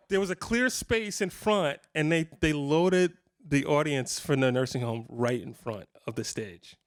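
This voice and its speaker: A man in his fifties, his voice on the high side and a little slow, does casual storytelling for a live audience in a guitar shop's clinic room. He rambles, jokes at his own expense and restarts many times.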